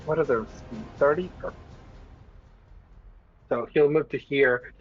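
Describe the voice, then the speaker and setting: A man's voice: on the high side, unhurried. A man running a tabletop game as game master, narrating in a rambling way full of filler words, in a dull lo-fi recording with faint music.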